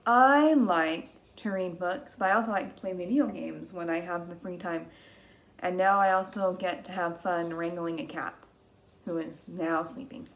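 A young woman teacher reading a picture book aloud to young children, slow and gentle, gasping with exaggerated excitement. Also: lowish voice.

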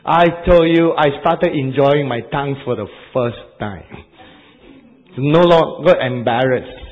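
A man with an Asian accent preaching a sermon, animated and repetitive, laughing at his own jokes. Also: medium pitch, slow, muffled recording.

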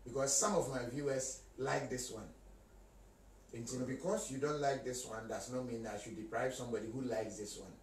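A man's voice: medium pitch, normal speed, recorded from a distance, slight background noise. A man hosting a casual chat, speaking in a mix of Twi and English. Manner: conversational, mixes Twi and English. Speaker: host. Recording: echoey room, voice from off-mic.

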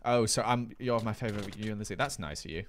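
A man's voice: fairly low pitch, fast talker, slight background noise. A British man hosting a live gaming stream, chatting playfully and reading viewer comments aloud. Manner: chatty, playful, jokey banter with chat.

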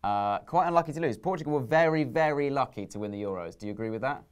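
A man co-hosting a casual football chat, talking quickly. He teases with a dry, deadpan humour at an average pitch. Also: clean tone. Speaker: fan channel co-host.

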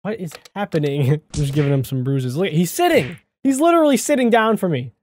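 A man hosting a gaming channel, giving excitable let's-play commentary into a desk microphone, yelping and shouting at surprises. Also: a little high, a little fast, slight background noise.

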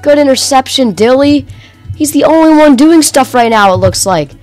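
Excitable gamer girl with a high voice. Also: moderate pace, soft background music. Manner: excitable, cheering, frequent sudden shouts; casual slang. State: strained voice. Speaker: gaming channel host. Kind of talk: live gameplay commentary.

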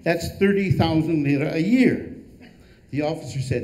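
An older man reads his own humorous memoir with a dry, wry touch, landing each punchline deadpan. His voice sits a little high for a man yet sounds mellow and warm, never sharp. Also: moderate pace, poor audio. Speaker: author.

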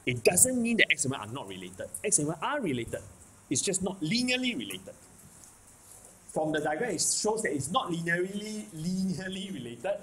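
A Singaporean man lectures on math in a fairly high voice that swings widely in pitch. He repeats himself for emphasis and keeps checking that students follow. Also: sing-song, normal speed, pushed and bright, slight background noise, poor audio. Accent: Singaporean English. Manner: repetitive, keeps checking in with "okay? can?". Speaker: math teacher. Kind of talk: classroom lecture.

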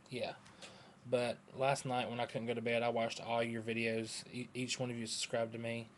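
A man with a twang chats to his webcam from home, scattered and hyper even though he's running on no sleep. His pitch sits mid-range, and there's a faint hiss of room noise behind him. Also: moderate pace. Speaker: vlogger. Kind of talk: rambling casual webcam chat.

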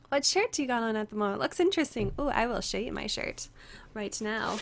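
Streaming a game on a headset, a young woman chats casually with viewers in a slightly high, expressive, creaky voice at normal speed. Yesterday's screaming has strained her voice, and she peppers her greetings to people by name with fillers.

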